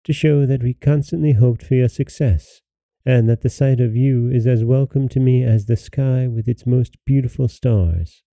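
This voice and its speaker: A man voicing a dutiful second princess in a fairy tale reading, with a gravelly, dark voice. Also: mid-range voice, steady tone, moderate pace, no room sound, natural voice. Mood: gentle.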